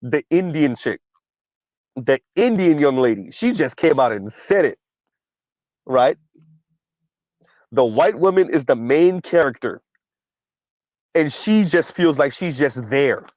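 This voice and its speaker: A man's voice: fairly high pitch, lively intonation, slow, pauses often, a little mellow, dry recording, low-quality recording. A man hosting a casual commentary stream who reads viewer comments aloud, keeps asking "right?", and has a dry cough. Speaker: commentary channel host.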